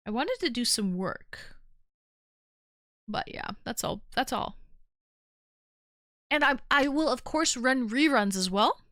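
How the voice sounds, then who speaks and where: Smooth-voiced tired woman hosting a call-in stream. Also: a little high, animated, slow pace, pauses often, fairly bright tone, no echo, clean studio sound. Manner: chatty and playful, teasing callers. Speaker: livestream call-in show host. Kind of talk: casual chat.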